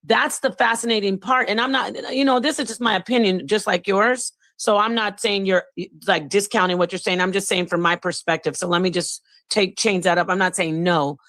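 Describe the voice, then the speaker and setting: A woman hosting a livestream, musing in a reflective, expressive way about consciousness and spirit. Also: mid-range voice, moderate pace, hardly any pauses, dry recording. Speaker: live stream host. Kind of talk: casual livestream chat.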